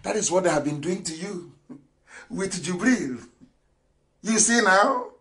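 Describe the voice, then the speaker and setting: Man, high bright voice, emphatic broadcaster, loud then muttering. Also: animated, a little slow, poor audio. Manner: emphatic, shifts between loud declarations and low asides, laughs often. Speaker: broadcast host. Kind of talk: impassioned political broadcast.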